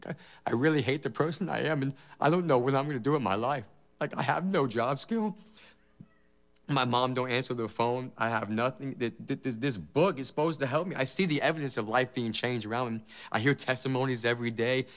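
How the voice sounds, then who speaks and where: Man, mid-pitch, telling his faith testimony; emotional, repetitive, earnest. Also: brisk. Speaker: former gang member giving testimony.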